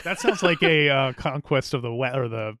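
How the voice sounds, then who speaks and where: A man's voice: mid-range voice, moderate pace, a bit bright, no echo. A man co-hosting a podcast in easygoing, joking casual chat. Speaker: podcast co-host.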